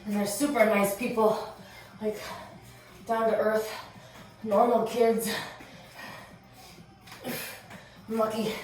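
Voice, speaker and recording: A woman instructor coaching a workout, energetic, counting down reps and chatting between moves, out of breath. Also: medium pitch, takes it slowly, long pauses. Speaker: fitness instructor. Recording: roomy echo, distant mic, music behind.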